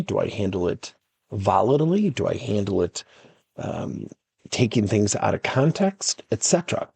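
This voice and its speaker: A man's voice: medium pitch, gravelly, breathy edge, no room sound. A middle-aged man, a workplace coach and podcast host, telling stories and acting out the dialogue. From United States. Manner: animated, acts out dialogue in stories. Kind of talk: storytelling coaching talk.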